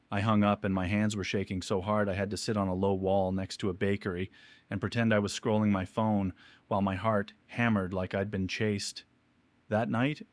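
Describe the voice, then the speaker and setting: A low-voiced man tells a confession story in the first person, keeping his tone measured and somber. The recording is dry and close, with no sense of a room around him.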